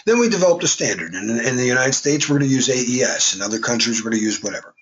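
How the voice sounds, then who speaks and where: A man lectures a class in a loose, conversational way, dropping joking asides between points. His voice sits at a middle pitch. The recording is dull and lo-fi, like a classroom capture. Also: animated, racing, a bit bright. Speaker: instructor.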